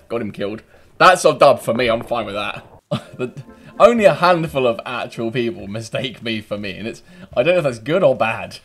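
A young British man giving cheeky gameplay commentary, laughing often and breaking into loud taunting yells. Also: mid-range voice, animated, moderate pace, soft background music. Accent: British English. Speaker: gaming YouTuber.

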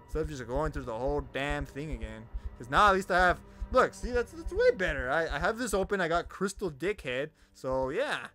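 Loud cursing young man playing a game. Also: a little high, very animated, fairly quick, few pauses, soft background music. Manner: loud, swearing, talks to the monsters. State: voice getting hoarse. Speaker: gamer. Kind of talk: let's play commentary.

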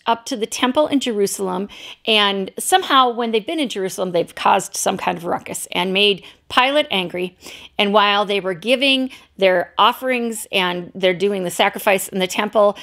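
A woman's voice: medium pitch, vocal fry, fairly bright tone. A woman pastor preaching a sermon, telling a story in a loose, unscripted way. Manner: storytelling, unscripted with fillers and restarts.

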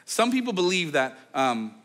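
A man, a pastor, preaching a sermon in a conversational, animated storytelling way, full of casual fillers. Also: fairly high pitch, normal speed. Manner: animated storytelling, acting out quoted voices; conversational, with many fillers like "like" and "okay".

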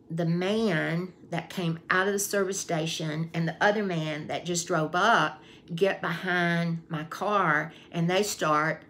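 A woman's voice: lowish voice, fairly bright tone, a little hiss or hum. A woman vlogger casually telling a personal story, chatty, repeating herself and acting out her own past thoughts.

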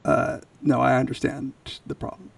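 Podcast guy chatting on a video call, gravelly and hesitant, sounds a bit far from the mic. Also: medium pitch, level tone, no room sound. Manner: halting, many fillers and restarts. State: losing his voice. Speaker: podcast co-host. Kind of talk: casual chat.

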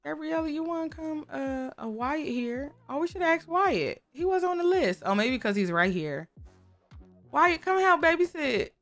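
A woman with a fairly high voice talks through her game in a loose, chatty way. She exclaims often and talks to viewers and to the characters on screen, with speech. Faint music plays behind her. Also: lively intonation, normal speed, few pauses. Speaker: gaming YouTuber. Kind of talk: casual game commentary.

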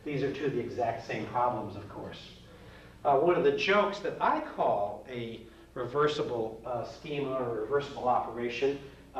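A man teaching a psychology lecture in a folksy, joking way, with playful asides. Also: medium pitch. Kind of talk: recorded classroom lecture. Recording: roomy, distant, dull lo-fi with faint hiss.

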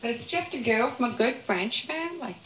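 A woman's voice: on the high side, animated, fairly quick, a bit bright, a little hiss or hum. Middle-aged woman bickering w her mom, kinda rambly, echoey room, far from the mic. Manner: argumentative, rambling. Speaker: daughter. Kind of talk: candid documentary conversation.

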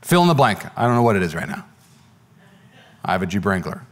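A man who is a pastor, preaching an energetic sermon that swings from loud exclamations to quiet asides. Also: lowish voice, fast. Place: church.

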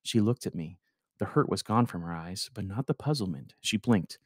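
Lively low-voiced male audiobook reader. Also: normal speed, dry recording, clean studio sound. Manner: expressive first-person reading with lively intonation. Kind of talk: audiobook narration.

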